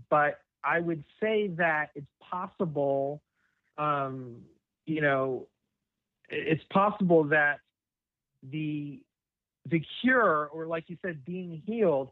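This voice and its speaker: A man calling in to a talk, speaking in a halting, hesitant way with many restarts and fillers. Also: a little high, dry recording. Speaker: caller. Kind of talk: call-in conversation. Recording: tinny phone line.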